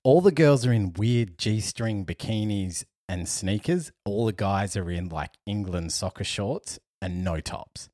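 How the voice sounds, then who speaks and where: A young man co-hosting a podcast, telling a travel story in an animated way, laughing often and acting out what people said. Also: lowish voice, a little slow, hardly any pauses, no room sound, studio quality. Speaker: podcast co-host. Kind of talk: casual storytelling chat.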